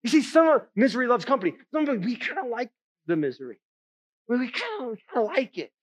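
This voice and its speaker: A man's voice: very high-pitched, sing-song, quick pace, slightly rough, dull audio. A male pastor preaching a sermon in a conversational way, often checking in with the congregation with "right?" and "okay?".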